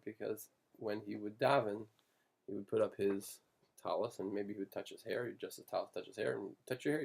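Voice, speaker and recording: Man, interview storyteller; husky, heavy fry, halting and digressive delivery. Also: fairly low pitch, darkish tone. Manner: halting and digressive, with many restarts. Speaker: family descendant telling stories.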